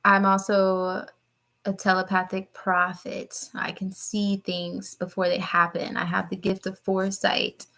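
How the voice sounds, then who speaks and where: A young woman reads tarot live for her chat, talking fast and casually with plenty of swearing and laughter. Her voice is bright and clear, and she jumps between topics with sudden high, loud bursts. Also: completely flat delivery. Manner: chatty, profane, laughs often, talks to chat. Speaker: tarot reader hosting a live stream.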